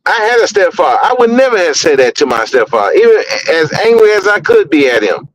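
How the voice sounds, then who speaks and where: Blunt high-voiced man ranting on a podcast. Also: sing-song, fast, highs cut off, slight background noise. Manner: blunt, profane, repeats words when heated. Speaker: podcast host. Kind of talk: opinionated podcast commentary.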